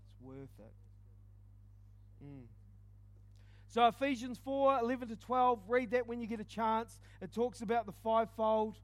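A man preaching, telling a personal testimony in an animated storytelling way with quick dips into quiet asides. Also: very high-pitched, no echo. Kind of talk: testimony sermon.

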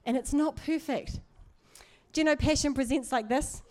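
Speaking from the pulpit, a middle-aged woman with a high, slightly mellow voice delivers her sermon at an ordinary pace. She comes across as conversational and sincere, laughing often and wandering into many asides.

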